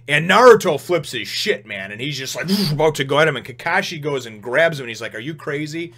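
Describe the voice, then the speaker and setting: A man hosting a casual manga chapter review, talking excitably and rambling with lots of "you know" and "right?", now and then acting out the characters' lines in a raised voice. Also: fairly high pitch, a little fast. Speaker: host of a manga review channel.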